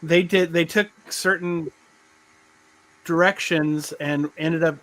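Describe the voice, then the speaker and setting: A middle-aged man hosting a live stream chat, his voice sitting a little higher than most men's. He rambles, restarts his sentences often and chuckles as he goes. He sounds like he is on a video call. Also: fairly even intonation, takes it slowly, fairly bright tone, no echo, low-quality recording. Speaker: podcast host.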